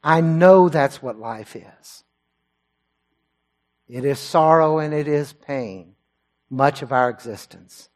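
A male preacher with a notably high voice delivers a sermon to his church. He swells up loud and high on the scripture quotes, then drops to a low, hushed tone for his personal asides. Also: slow pace, pauses often. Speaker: pastor.

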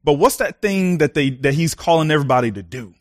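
A young man gives a sermon in a loose, chatty way, full of asides and personal stories. His voice sits a little high and turns animated as he talks. The sound is dry and close. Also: fast, no room sound. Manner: conversational, many fillers and personal stories; animated, laughs often. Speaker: preacher.

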